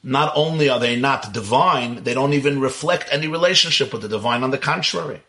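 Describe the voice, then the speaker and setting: Bright-voiced man teaching Kabbalah. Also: medium pitch, a little fast. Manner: animated, intense, with rhetorical questions and chuckles. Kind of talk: religious lecture.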